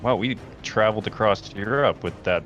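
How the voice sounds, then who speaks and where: A man playing a tabletop game, talking casually in a halting, hesitant way with many fillers. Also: on the low side, a bit bright, muffled recording, soft background music. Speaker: player.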